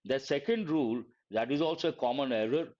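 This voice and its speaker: Man teaching grammar slowly. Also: medium pitch, a little mellow, dull audio. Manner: slow, emphatic teaching, repeats words and quizzes listeners. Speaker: English teacher. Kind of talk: live online exam-prep lesson.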